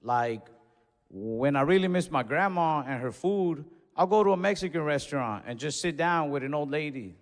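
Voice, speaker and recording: A young man doing a stand-up comedy set, telling stories in a laid-back, deadpan way with quick asides. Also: on the high side. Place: comedy club stage. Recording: reverberant club hall with faint crowd noise.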